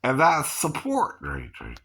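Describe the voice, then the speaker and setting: A man's voice: medium pitch, huge pitch swings, measured pace, fairly bright tone, husky. A man from Georgia talking in a rambling casual monologue, chuckling often and tagging "right, right" onto his points.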